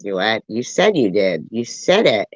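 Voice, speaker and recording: A woman's voice: rumbling low, sing-song, a little slow, dry recording, dull audio. A woman with a stuffy, congested voice giving sarcastic, mocking live reaction commentary. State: congested from a cold.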